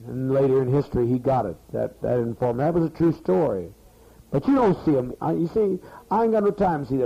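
A man's voice: medium pitch, fairly quick, gravelly, warm tone, breathy edge. A man leading a community meeting, giving a rambling, profane, scolding speech to the people gathered there, heard on a muffled archival tape. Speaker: leader addressing a community meeting.

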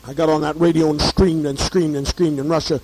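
A hoarse man telling a story in a fiery, profane monologue, repeating himself as he works up to shouting. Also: on the high side, little pitch movement, brisk, rough recording.

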